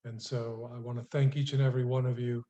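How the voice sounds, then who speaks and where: Male participant on a video call, earnest closing blessing, dark tone, lo-fi sound. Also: mid-range voice, flat delivery, fast. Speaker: prayer circle participant.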